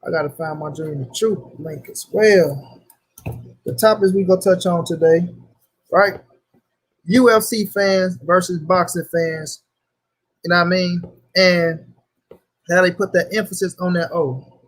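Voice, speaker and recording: A man's voice: sits high, fairly even intonation, unhurried, long pauses. A young man hosting a casual livestream, talking loosely in slang and greeting viewers by name. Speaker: livestream host.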